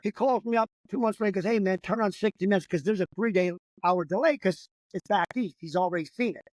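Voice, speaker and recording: An older man with a fairly high voice tells a long, profanity-laced story in a rambling, animated way. The sound is dry and close, with no room around it. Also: quick pace, no room sound, rough recording. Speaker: comedian guest. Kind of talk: casual storytelling.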